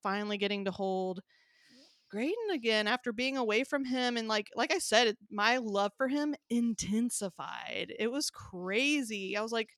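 A young woman podcast co-host chatting casually and telling a story in an animated way, often laughing. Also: fairly high pitch, normal speed, no echo, studio quality. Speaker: podcast co-host, new mother of two. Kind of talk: casual chat.

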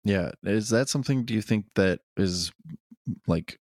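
A man's voice: on the low side, lively intonation, unhurried, darkish tone, no room sound, clean studio sound. A young man co-hosting a podcast in casual chat, jokey and given to acting out quotes in silly voices. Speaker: podcast co-host.

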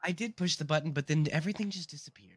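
A man's voice: a little high, racing, husky. A man co-hosting a casual film podcast, throwing in dry, wry quips and short asides. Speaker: podcast co-host.

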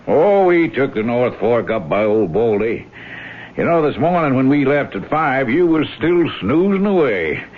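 A folksy, hearty hunting buddy. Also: male voice, mid-range voice, sing-song, a little slow. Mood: breezy. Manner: breezy, joking, folksy. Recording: tinny old radio broadcast with faint hiss.

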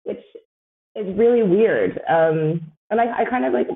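A Canadian woman in her thirties rambles through a casual podcast chat as a guest, filling her speech with fillers and laughing often. Her medium-pitched voice is unhurried and creaky, heard over a tinny, phone-like line.

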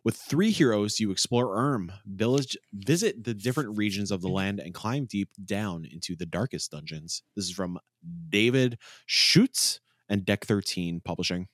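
A man with a fairly low voice hosts a casual podcast, upbeat and jokey. He reads game blurbs aloud and passes the mic around. The sound is dry and close. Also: lively intonation, moderate pace, hardly any pauses, no room sound. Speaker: podcast host.

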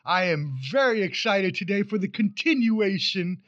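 A man hosting a casual sports podcast, animated and playful, with sudden loud bursts and fast rambling runs. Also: high voice, no room sound. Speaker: podcast host. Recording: dry, slightly muffled podcast mic.

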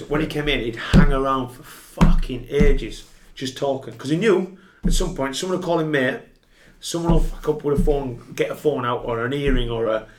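With a fairly high-pitched voice and a slight hiss or hum in the audio, a man who used to play football tells a long dressing-room story as a podcast guest. He swears freely and keeps laughing through the casual anecdote.

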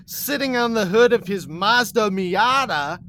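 Guy narrating a goofy story real slow, voice all over the place, hissy audio. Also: high voice. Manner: deadpan, slow, laughing through. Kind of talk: comedic second-person storytelling. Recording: recording with audible hiss.

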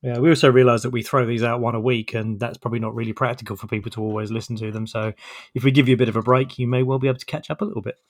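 A man's voice: mid-range voice, little pitch movement, racing. A man co-hosting a podcast in casual chat, tired and joking, teasing his co-host.

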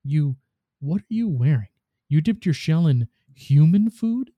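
Grumpy snarling male ghost read by a man, dark mellow tone, dry sound. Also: medium pitch, normal speed, no echo, natural voice. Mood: grumbling. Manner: snarling, curt. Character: grumpy scheming male ghost robot, sneering.

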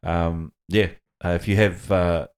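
A middle-aged man with a New Zealand accent, his voice sitting very low. He hosts a relaxed podcast chat, pausing on ums and breaking into laughs. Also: smooth. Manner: relaxed, laughs often, hesitant with many ums. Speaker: podcast host. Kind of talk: casual chat.

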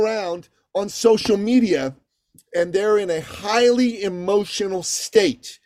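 Podcast host, 50s male, lively storyteller voice, higher register, dry close mic. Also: a little slow, no echo. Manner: animated, acts out voices of others. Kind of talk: casual podcast conversation.

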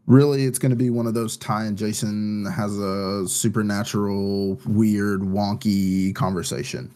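A man with a somewhat low voice co-hosts a casual podcast. He talks loosely, stringing thoughts together with lots of "like" and "um." An anxious undercurrent runs through the easygoing chat. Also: fairly even intonation, unhurried, dark tone. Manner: rambling, full of "like" and "um". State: anxious about his first baby. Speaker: podcast co-host.

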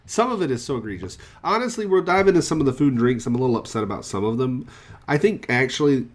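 A man's voice: medium pitch, expressive, fast talker. A man hosting a casual podcast, chatty and a bit wry as he runs through the news. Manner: chatty, wry about price hikes. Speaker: podcast host.

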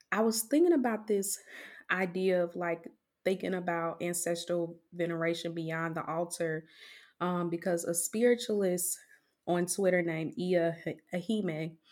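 A woman's voice: medium pitch, a little slow, darkish tone. A woman hosting a casual podcast discussion, speaking in a conversational, reflective way with frequent restarts. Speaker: podcast host.

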